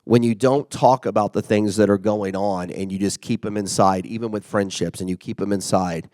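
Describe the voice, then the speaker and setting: Man, lowish pitch, casual motivational talk, conversational, dry close sound. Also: fairly even intonation, normal speed, darkish tone, no echo. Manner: conversational, acts out quoted remarks. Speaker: workplace leader giving a devotional talk.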